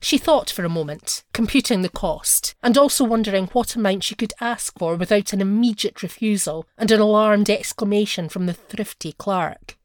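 A woman reading a classic short story aloud in a measured, expressive storytelling manner. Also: mid-range voice, no echo, studio quality. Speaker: narrator. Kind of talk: scripted story narration.

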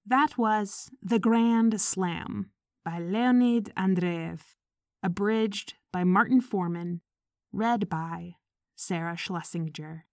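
A woman reading a short story aloud, slow and soft, sometimes sinking into a whisper. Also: medium pitch, no room sound, clean studio sound. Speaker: narrator. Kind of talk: audiobook narration.

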